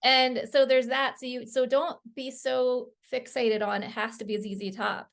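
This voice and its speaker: A middle-aged woman, a guest author on a podcast, telling stories in casual conversation, animated and laughing often. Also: high voice, moderate pace, vocal fry.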